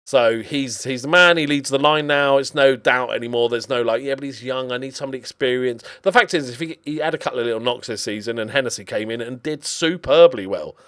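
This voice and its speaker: A man talks through his video game season in a loose, chatty way. He fills his sentences with ums and likes and often stops to restart them. His pitch sits in the ordinary middle range for a man. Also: fairly quick, hardly any pauses. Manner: chatty and animated, with lots of fillers. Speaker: gaming commentator. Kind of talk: casual video game commentary.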